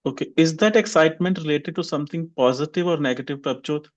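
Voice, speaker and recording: Brief: male English teacher on a video call, higher voice, quizzes students one by one, dull audio. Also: fast. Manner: questions students by name, drills repetition. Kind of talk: online class teaching.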